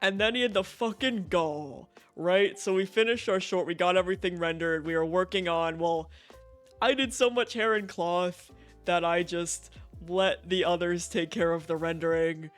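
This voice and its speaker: A young man streaming a game, telling a story in a profane, animated rant full of "right?" asides. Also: high-pitched, normal speed, soft background music.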